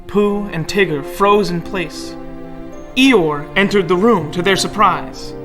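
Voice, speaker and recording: A man's voice: sits high, slow, music in the background. A man in a sketch comedy scene, reading his story aloud in earnest and getting indignant when challenged.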